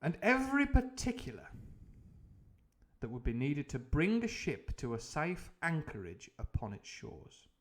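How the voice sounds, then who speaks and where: A man with a voice of ordinary, middling pitch reads a novel aloud to a live audience. He keeps breaking off for rambling, self-mocking tangents, padded out with ums and uhs, and then slips back into the text. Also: big pitch swings, unhurried, hardly any pauses. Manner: rambling and jokey, full of tangents and fillers. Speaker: streamer reading a novel aloud. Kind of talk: live book reading with comic asides.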